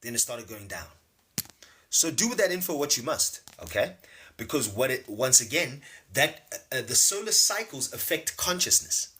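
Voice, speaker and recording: Brief: male teacher, thirties, bright forceful voice, rambling and playful. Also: medium pitch, very animated, moderate pace. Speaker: spiritual teacher. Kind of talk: live-streamed spiritual lecture.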